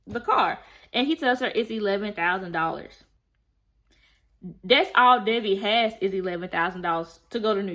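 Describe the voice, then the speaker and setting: A woman in a casual, animated recap of a TV show, telling it in a slangy, chatty way. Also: medium pitch. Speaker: TV show reviewer.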